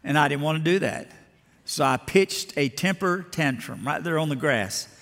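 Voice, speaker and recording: An older pastor from Alabama preaching a sermon with a somewhat high voice. He tells homespun stories and acts out the voices in them, and a long reverb trails his words through the sanctuary. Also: lively intonation, moderate pace, a bit bright. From Lower Alabama. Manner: folksy storytelling, acting out voices in stories.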